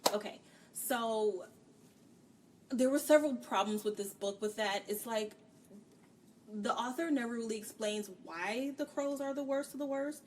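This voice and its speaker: Ranting woman book reviewer, mic off at a distance. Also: on the high side. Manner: candid, ranting, acts out characters' lines in quick bits. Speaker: book review podcast co-host. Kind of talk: casual chat. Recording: distant mic with faint background noise.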